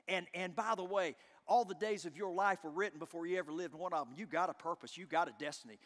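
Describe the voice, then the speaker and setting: Middle-aged preacher guy, high bright voice, goes from yelling to near whisper, big echoey church. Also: quick pace, few pauses. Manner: impassioned, swings from shouting to hushed. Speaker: pastor. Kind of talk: sermon. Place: church sanctuary.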